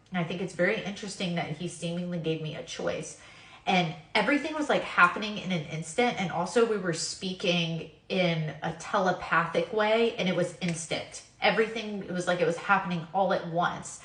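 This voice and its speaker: A woman's voice: on the low side, brisk, a bit bright. A woman in her twenties giving a personal testimony of a near-death experience, earnest and sprinkled with "like". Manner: earnest, uses many fillers like "like". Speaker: guest telling her near-death story. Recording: echoey room.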